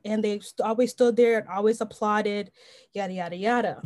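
A woman's voice: medium pitch, a little fast. A young woman co-hosting a podcast, chatting casually about faith and acting out the voices in her stories. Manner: animated storyteller, acts out quotes. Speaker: podcast co-host.

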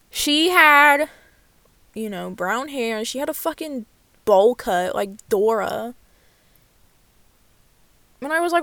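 This young woman has a high, animated voice with a sharp tone, speaking a little slowly and pausing often, with no room sound. She vlogs a candid storytime from her car, swearing without hesitation and dropping "like" throughout.

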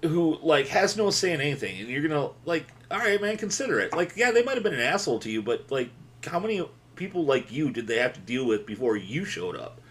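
Animated, profane man telling stories. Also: a little high, a little fast. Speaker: podcast co-host. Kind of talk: casual group chat, storytelling. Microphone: remote video call.

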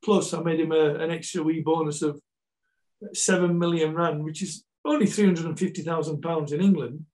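A man's voice: a little high, fairly even intonation, normal speed, a little mellow, rough recording. A man with a Yorkshire Scottish accent, a football coach chatting as a guest, rambling with many repeats and restarts. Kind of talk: casual chat, storytelling.

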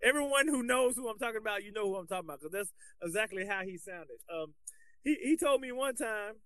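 A man with a fairly high voice co-hosts a casual podcast, talking with loose, animated energy and frequent restarts. The sound is close and dry, with no room behind it. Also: fairly quick, clean tone, dry recording. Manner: animated, colloquial, restarts often. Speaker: podcast co-host, basketball coach.

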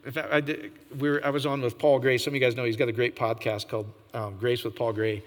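A man preaching an informal sermon, animated, often jumping to a high, excited pitch and asking his listeners questions. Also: fast, big-room sound. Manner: animated, jumps to high excited pitch, laughs, asks the audience.

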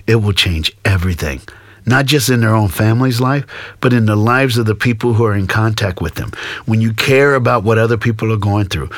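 A middle-aged man speaks in a low, grounded voice. He tells his story earnestly, leaning on repeated phrases for emphasis. The sound is dry and close, with no room around it. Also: dry recording. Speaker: school speaker and guest. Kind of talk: storytelling in an interview.

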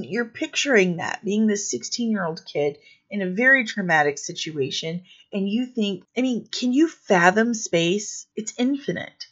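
A woman's voice: lowish voice, dull audio. A woman recapping a comic book story in a casual, playful vlog, full of silly asides.

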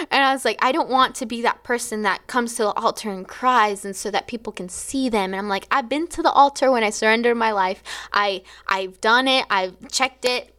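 A woman's voice: a little high, moderate pace, fairly bright tone. A young adult woman, a teacher, telling a personal faith testimony in a chatty, storytelling way, acting out her own quotes and laughing often. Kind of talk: casual spoken testimony.

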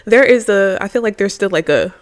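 A woman's voice: mid-range voice, animated, brisk. A young woman co-hosting a podcast, giving opinions casually and hedging as she thinks aloud. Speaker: podcast co-host. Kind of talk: casual chat.

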